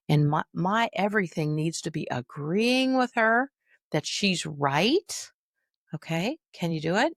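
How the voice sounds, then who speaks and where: A middle-aged woman, a dementia caregiver and trainer, coaching listeners on a podcast in a lively, folksy, direct way. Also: deep voice, a little slow, no echo, clean studio sound. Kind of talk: podcast teaching monologue.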